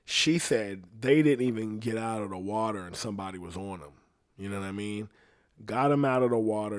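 A man telling a story in a casual, rambling monologue, swearing bluntly and getting loud and high when outraged. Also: dry recording, studio quality.

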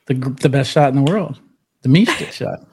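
A man's voice: medium pitch, expressive, fairly quick, a little mellow, breathy edge. A man co-hosting a casual podcast on a video call, chatty and laughing now and then as he hypes things up. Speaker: podcast co-host. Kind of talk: casual chat. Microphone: remote video call.

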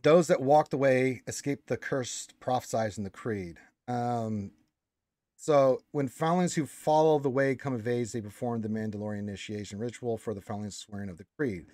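A man's voice: mid-range voice, normal speed, warm tone, dry recording, clean studio sound. A man hosting a casual fan discussion, explaining lore at length with restarts and notes read aloud.

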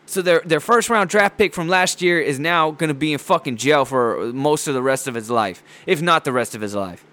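A man's voice: a little high, moderate pace, a bit bright. A man hosting his own show, ranting in a profane, rambling way about movies and sports news. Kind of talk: casual ranting monologue.

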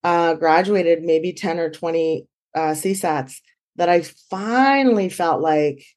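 Low-voiced woman telling a story. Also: takes it slowly. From San Francisco Bay Area. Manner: animated, acts out quoted dialogue. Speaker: guest, dog trainer. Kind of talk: conversational storytelling.

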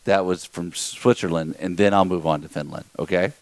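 A man's voice: low-pitched, fairly even intonation, normal speed. Louisiana-accented man telling rambling stories. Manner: rambling anecdotes with restarts, acts out voices in quotes. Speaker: podcast co-host. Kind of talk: casual chat, storytelling.

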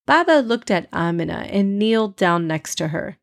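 A woman reading a children's story aloud in a clear, measured way. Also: medium pitch, sing-song.

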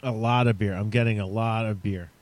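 A man co-hosting a podcast in casual chat, easygoing and quick to laugh. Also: on the low side, fairly even intonation, a little mellow, no echo. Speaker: podcast co-host.

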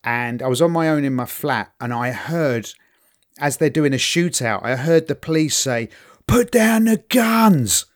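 A man's voice: mid-range voice, normal speed. A middle-aged British man chatting casually, telling stories animatedly and acting out the voices of the people in them. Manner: animated storyteller, acts out voices loudly. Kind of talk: casual chat, storytelling.

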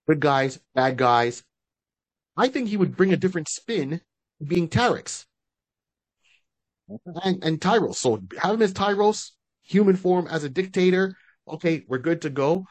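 A man co-hosts a podcast in a voice on the high side, with lively intonation, a measured pace, and no room sound. He chats casually and at length about fan-casting, often restarting his sentences.

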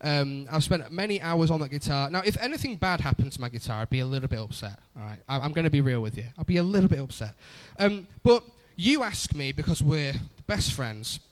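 A man's voice: fairly high pitch, animated, a little fast, hardly any pauses. A young adult man preaching a conversational sermon, often repeating phrases for emphasis. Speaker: pastor.

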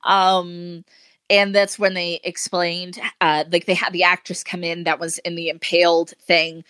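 A woman's voice: fairly low pitch, flat delivery, unhurried, fairly bright tone, clean tone, dry recording. A woman co-hosting a podcast in casual chat, chatty with wry asides. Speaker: podcast co-host.

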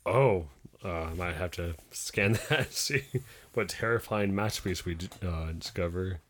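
A man's voice: low voice, moderate pace. A man, co-hosting a casual podcast chat and laughing often. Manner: laughs often, reads a comic aloud with voices. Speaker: podcast co-host.

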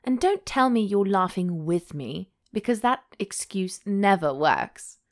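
A woman reading aloud, voicing a shy, teasing young noblewoman bride in a higher, delicate voice. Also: animated, unhurried, darkish tone. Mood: sulky.

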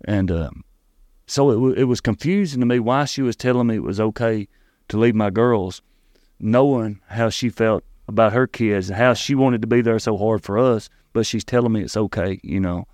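A middle-aged man with a Tennessee Southern accent, telling his story as an interview guest in an earnest, halting way, often restarting and repeating words. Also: lowish voice, darkish tone, no room sound, studio quality.

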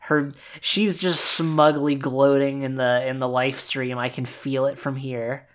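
Podcast co-host with a middle pitch; excitable and gushing, with plenty of casual swearing. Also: a little slow. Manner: enthusiastic and gushing, swears freely. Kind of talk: casual game discussion.

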